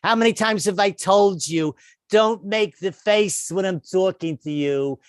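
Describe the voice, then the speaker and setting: A man voicing his nagging wife, scolding her husband in a shrill New York accent. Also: a little slow, dry recording, clean studio sound.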